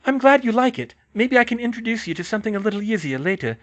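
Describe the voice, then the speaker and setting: Man voicing a teenage witch, bookish, earnest, higher pitched, audiobook. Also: big pitch swings, fast, fairly bright tone. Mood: eager. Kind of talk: audiobook reading of fan fiction.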